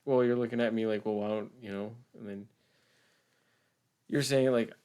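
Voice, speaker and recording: A man's voice: fairly low pitch, fairly even intonation, moderate pace, mellow, smooth. A man co-hosting a casual podcast chat with his partner, laid-back and teasing, rambling as he talks. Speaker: co-host, host's partner.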